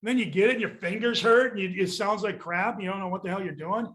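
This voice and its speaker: An older man, a real estate sales coach, rants candidly on a podcast, exasperated and blunt with casual swearing. His voice sits high with a fairly bright tone, and he talks at a quick pace.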